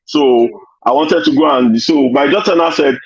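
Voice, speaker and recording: Nigerian guy on a video call, husky voice, dull lo-fi dry audio, chatty stories full of "you know". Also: fairly high pitch, normal speed, dry recording. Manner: storytelling with many "you know" fillers. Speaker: panel guest. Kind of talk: casual online panel chat.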